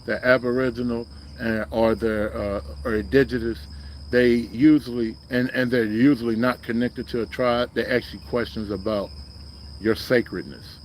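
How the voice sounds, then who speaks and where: Man, livestream host, middle-pitched voice, rambling casual talk with chanted refrains, faint crickets behind. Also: fairly even intonation, normal speed, a little hiss or hum. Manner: loose, rambling street talk that turns into a repeated chant.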